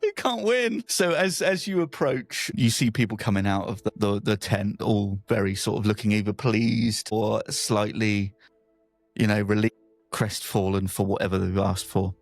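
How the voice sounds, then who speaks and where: A man narrating as game master of a tabletop game, laughing often and tossing in quick asides. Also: fairly low pitch, vocal fry, dry recording, soft background music.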